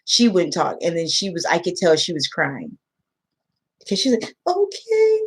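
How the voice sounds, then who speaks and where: A woman's voice: fairly low pitch, normal speed, slight background noise. Woman tutor telling an emotional story. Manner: emotional storytelling, acts out quotes. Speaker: online English tutor. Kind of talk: casual chat to camera.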